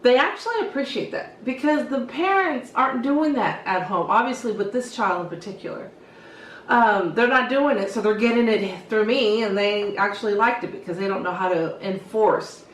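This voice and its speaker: A middle-aged woman hairstylist telling stories in a casual, lively way and acting out what she said to the kids. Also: fairly high pitch, moderate pace, a little hiss or hum. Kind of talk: casual storytelling to camera. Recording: echoey room, voice from some distance.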